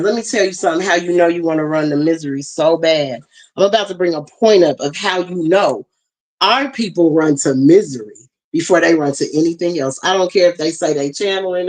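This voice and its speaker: A woman's voice: lowish voice, low-quality recording. A woman with a Southern US twang, hosting an impassioned, preachy talk. She speaks fierily and emphatically, addressing her listeners directly. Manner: fiery, emphatic, talks straight to listeners. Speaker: host.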